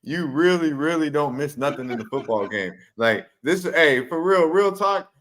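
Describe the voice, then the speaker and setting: A man's voice: fairly high pitch, animated, moderate pace, fairly bright tone. A man co-hosting a live sports talk show, chatting in a laid-back, profane way and ribbing the others. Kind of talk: casual sports banter.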